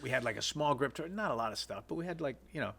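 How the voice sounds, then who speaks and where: A man's voice: mid-range voice, expressive, quick pace, gravelly, a bit bright. A man, a filmmaker, telling rambling behind-the-scenes stories in a casual interview. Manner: rambling anecdotes with many fillers and restarts. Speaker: guest filmmaker.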